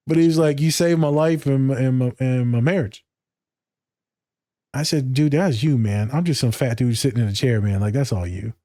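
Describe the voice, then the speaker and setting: A man's voice: mid-range voice, fairly quick, mellow, dry recording, clean studio sound. Candid, swearing man. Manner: loose and candid, swears freely, acts out quoted dialogue. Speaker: podcast co-host. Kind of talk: casual podcast chat.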